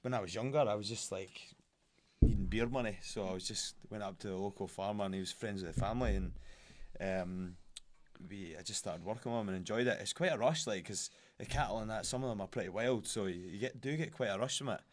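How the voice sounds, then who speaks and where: A young man with a Scottish accent, talking in a loose, rambling way. His voice sits low for a man. A faint hiss runs under the recording. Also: fast. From Scotland. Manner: rambling storyteller, broad colloquial talk. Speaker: guest, fighter. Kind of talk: casual podcast chat.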